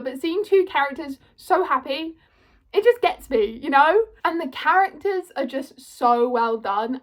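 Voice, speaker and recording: A twenty-year-old British woman rambling excitedly to camera as a fan, gushing and full of fillers. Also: high-pitched. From Britain. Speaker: vlogger.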